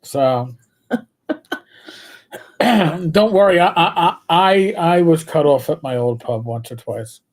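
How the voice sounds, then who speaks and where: Speaking slowly with long pauses, an older show host on a live stream has a fairly high voice and lively intonation. His stories are joking and profane, told conversationally with lots of restarts.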